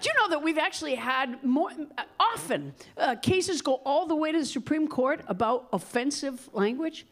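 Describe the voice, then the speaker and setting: A middle-aged woman doing stand-up, chatting with the crowd in a wry, halting way that keeps interrupting itself. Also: sits high, lively intonation. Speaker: stand-up comedian hosting. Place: comedy club stage. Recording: live club with audience. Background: crowd laughter.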